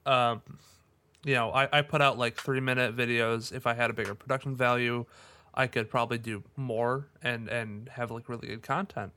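Bright-voiced laughing podcast guy. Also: medium pitch, steady tone, normal speed, smooth. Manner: laughs often, jokey, rambling with fillers. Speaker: podcast co-host. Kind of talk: casual chat.

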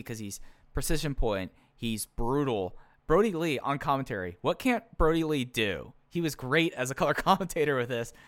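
A man's voice: medium pitch, a bit bright, clean tone, dry recording. A man co-hosting a casual wrestling review podcast, easygoing and self-deprecating with rambling thoughts. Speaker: podcast co-host.

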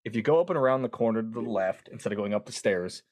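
A man casually telling a long story, animated and quoting himself often with words like "dude". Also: fairly low pitch, fast, no echo, studio quality. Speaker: podcast guest.

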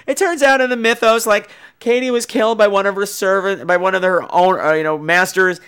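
A man's voice: high voice, a little fast, few pauses, smooth. A man hosting a horror podcast, ranting sarcastically and profanely as he reviews a movie. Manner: animated, sarcastic, acts out characters. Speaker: podcast host.

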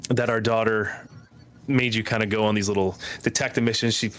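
A man's voice: on the low side, fairly even intonation, fairly quick, fairly bright tone, pitched below the performer's own voice, natural voice. A man doing a nervous, apologetic elf dad. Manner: apologetic, hesitant. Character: nervous protective male elf father.

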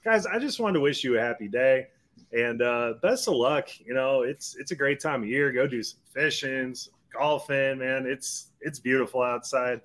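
A man's voice: mid-range voice, normal speed, a bit bright. A man hosting a fantasy football podcast, ranting in a heated, profane way. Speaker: podcast host. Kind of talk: casual chat.

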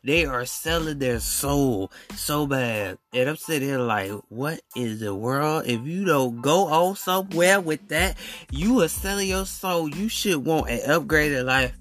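A man's voice: on the high side, animated, unhurried, a bit bright. A man hosting a podcast, telling a story in a casual monologue with incredulous, preachy asides to his listeners. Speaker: podcast host.

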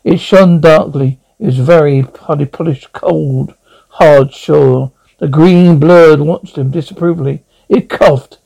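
A man's voice: on the high side, slow, vocal fry, dark tone, slightly rough, low-quality recording. A man reading a novel aloud as narrator, often tripping over words and correcting himself. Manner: stumbling, corrects misreadings. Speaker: audiobook reader. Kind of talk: storybook narration.

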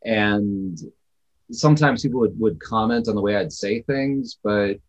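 A man's voice: on the low side, a little slow, dull audio. A man from Wisconsin, co-hosting a casual podcast chat, telling stories in a reflective, rambling way. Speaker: podcast co-host.

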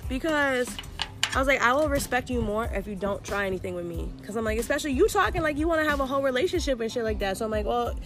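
Young woman, twenties, brassy storyteller who acts out quotes, higher-pitched, faint music under her. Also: fast. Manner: animated, profane, acts out voices in quotes. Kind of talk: casual storytelling chat.

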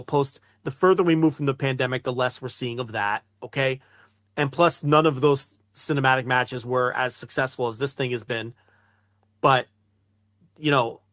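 A man's voice: mid-range voice, fairly bright tone, no room sound, clean studio sound. Blunt, exasperated man on a podcast. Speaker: podcast co-host. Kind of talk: casual wrestling podcast chat.

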